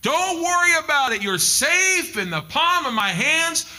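A male pastor voicing God as a gentle, fatherly figure, speaking in a raised, slow, soothing tone. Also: very high-pitched, big pitch swings, voice pushed up, exaggerated voice. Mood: reassuring. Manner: soothing, drawn-out reassurance.

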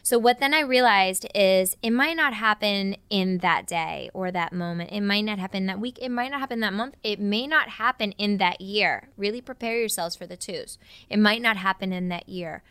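A woman co-hosting a casual parenting podcast, speaking with a smooth, clear tone at a middle pitch. She tells stories and makes her points one by one with lively energy, and the recording is close and dry. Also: moderate pace, no echo. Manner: lively, storytelling, lists points. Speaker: podcast co-host.

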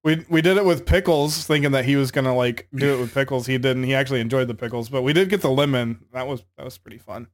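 A man's voice: medium pitch, fast, few pauses. Rambling young man on a podcast. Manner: rambling, filler-heavy, swears casually. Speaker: podcast co-host. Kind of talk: casual chat.

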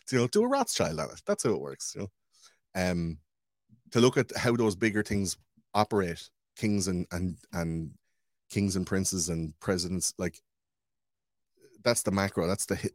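A man hosting a podcast in casual chat, talking in a profane, rambling, animated way. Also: fairly low pitch, no room sound, studio quality.

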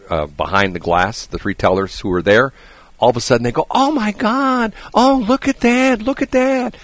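A male radio host chatting casually in a studio, telling stories animatedly and laughing often, his voice a bit hoarse. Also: low-pitched, fairly bright tone, no echo. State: slightly hoarse. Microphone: studio microphone.

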